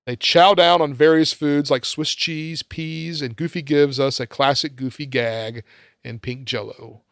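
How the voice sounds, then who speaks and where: A man's voice: a little high, steady tone, unhurried, a bit bright, no room sound. A man hosting a casual film podcast, narrating the plot step by step with dry asides.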